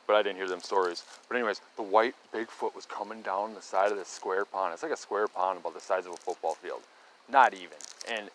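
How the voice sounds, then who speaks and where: A man's voice: mid-range voice, a bit bright, poor audio. A middle-aged man casually telling a rambling story, often restarting and tagging lines with "right?" and "okay?". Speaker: storyteller recounting local sightings.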